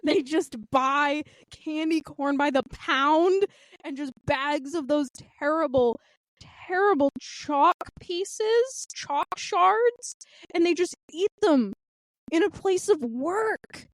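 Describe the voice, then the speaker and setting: A young woman in her twenties co-hosts a chatty podcast, her pitch swinging widely as she tells a story with intense, theatrical outrage. Her voice sits a little high and sounds dry and close, with no room around it. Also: animated, slow pace, no room sound. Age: 20s. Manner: intense, dramatic storytelling with acted-out quotes. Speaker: podcast co-host. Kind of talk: casual chat.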